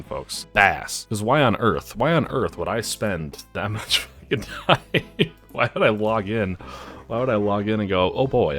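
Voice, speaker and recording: A very deep-voiced man talking through his gameplay in a loose, profane, rambling way, often restarting his sentences. Faint music sits behind him. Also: fairly bright tone. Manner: laid-back, profane, rambling with frequent restarts and laughs. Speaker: gaming video creator. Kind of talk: casual gameplay commentary and storytelling.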